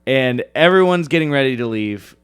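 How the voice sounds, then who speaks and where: A man's voice: medium pitch, moderate pace, smooth. A man co-hosting a podcast, telling a story in casual chat, swearing freely and laughing often. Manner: profane, laughs often, animated retelling. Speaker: podcast co-host.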